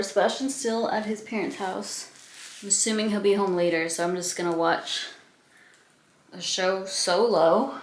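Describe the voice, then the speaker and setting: A young woman vlogging in a relaxed, chatty diary style, her voice sitting a little low. She talks openly to the camera with plenty of fillers and light laughs. A faint hiss of background noise stays under her voice. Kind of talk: casual diary vlog.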